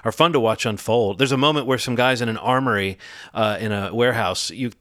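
A man's voice: mid-range voice, a little fast, a bit bright, dry recording, studio quality. A man giving his opinion of a film in a casual panel chat, rambling and correcting himself with a wry tone. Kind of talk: casual podcast discussion.

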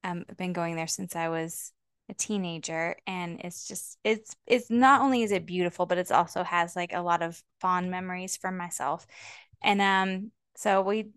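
A woman in her forties co-hosts a podcast, chatting at length with frequent ums and laughter. Her voice is smooth and clear. It sounds dry and close to the mic. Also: on the low side, fairly bright tone, dry recording. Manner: chatty, rambling, many ums. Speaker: podcast co-host. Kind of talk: casual chat.

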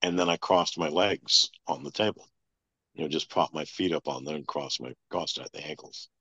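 Super deep raspy guy telling his story in a flat, calm way, dull lo-fi sound. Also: normal speed, no echo. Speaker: interview guest. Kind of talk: storytelling interview.

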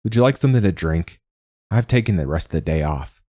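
A man doing a calm soft-spoken lonely young man. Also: low voice, fairly quick, no room sound, studio quality.

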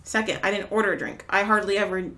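Woman talking fast on a podcast, gravelly voice, acts out what people said. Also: mid-range voice, sharp tone. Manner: storytelling with acted-out quotes, swears freely. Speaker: podcast co-host. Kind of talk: casual chat.

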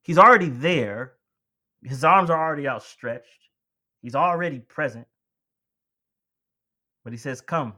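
Speaking unhurriedly with long pauses, this preacher has a mid-range, sharp-toned voice. He addresses the congregation as beloved and friends, rising to emphatic points before settling back.

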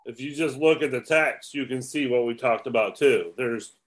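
A man's voice: medium pitch, moderate pace. Matter-of-fact man co-hosting a podcast. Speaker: podcast co-host. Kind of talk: casual chat.

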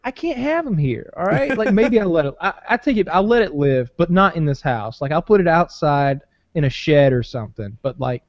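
A man talking loosely on a podcast, swearing freely and circling back on his sentences. His voice is mid-pitched and dry, and the recording is a bit muffled. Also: animated, a little fast, few pauses, no echo. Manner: rambling, swears often, many fillers and restarts. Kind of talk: casual profane banter.

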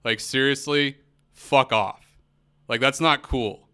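A man's voice: mid-range voice, takes it slowly, bright, forceful tone, clean tone. A man hosting a podcast, telling a story in a casual, profane rant with lots of fillers. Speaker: podcast host. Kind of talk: casual monologue.

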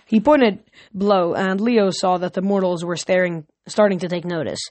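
Woman reading a novel aloud, casual, self-correcting, lowish voice, dry close sound. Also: steady tone, a little fast, darkish tone, dry recording. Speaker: reader.

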